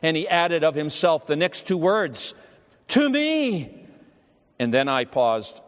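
A man's voice: on the high side, moderate pace. A pastor, a man, preaching a sermon with solemn storytelling and prayer in a church hall. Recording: long hall reverb.

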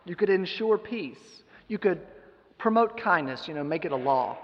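A man's voice: a little high, unhurried, big-room sound, highs cut off. A man giving a sermon, retelling a scripture story with emphatic rhetorical questions. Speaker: preacher.

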